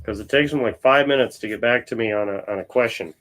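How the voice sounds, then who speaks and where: A man's voice: mid-range voice, fast talker, a bit bright, poor audio. A man from Ohio hosting a casual livestream while hunting through coin rolls, blunt and joking in his crude banter. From Ohio, USA. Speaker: livestream host.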